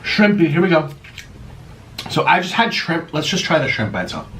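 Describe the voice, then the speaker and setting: Animated, high-voiced man chatting while eating. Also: normal speed, slight background noise. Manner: chatty, talks while eating, moans and hums over food. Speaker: mukbang video creator. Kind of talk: casual eating video talk.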